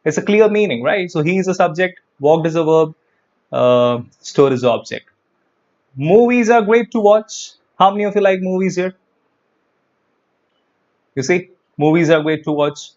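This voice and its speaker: A man with an Indian English accent, an English teacher giving an energetic online grammar lesson, repeating his points and talking straight to the viewers. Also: fairly high pitch, normal speed, long pauses, muffled recording. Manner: energetic, repeats phrases, addresses viewers directly.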